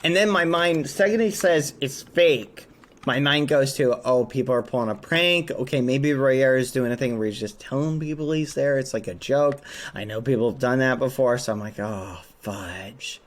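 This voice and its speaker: Speaking at a moderate pace in a mid-range voice, a man on stream tells his chat a lively, exclamation-filled story, carefully steering clear of swearing.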